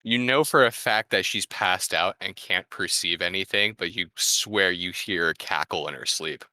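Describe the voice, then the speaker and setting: A man narrating as game master of a tabletop game, slow and full of ums. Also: deep voice, bright, forceful tone, no echo.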